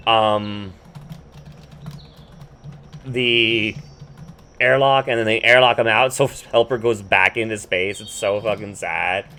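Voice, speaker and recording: A man talks casually on his own podcast, retelling an episode in a loose, meandering way. He swears freely and keeps restarting his sentences with "um" and "like." A faint hiss sits under his mid-pitched voice. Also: bright, forceful tone. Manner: rambling, profane, full of fillers and restarts. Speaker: podcast host.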